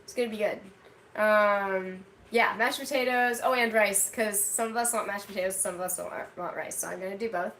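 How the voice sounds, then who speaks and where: While working in her home kitchen, a cooking vlogger rambles casually to her live audience, saying "like" constantly. She talks fairly quickly with a steady, fairly bright medium-pitched voice. The sound is roomy and distant, with background noise audible.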